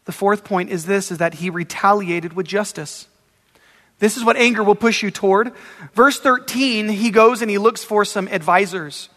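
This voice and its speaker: A male pastor delivers a sermon with a high, bright voice, emphatic and conversational, with everyday examples acted out along the way. His voice carries a long reverb, as in a church sanctuary. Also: moderate pace.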